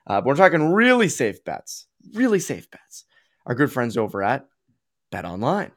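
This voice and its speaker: A man's voice: mid-range voice, huge pitch swings, moderate pace. A man from the Boston area hosting a casual sports talk podcast, rambling with lots of fillers and restarts. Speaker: podcast host.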